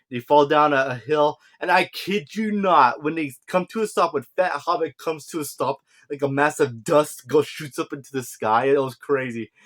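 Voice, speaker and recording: A man casually recapping and reviewing a TV episode, rambling with many fillers and self-corrections, and briefly acting out what the characters say. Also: a little high. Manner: rambling, full of fillers and self-corrections, acts out lines in quick asides. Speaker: show reviewer.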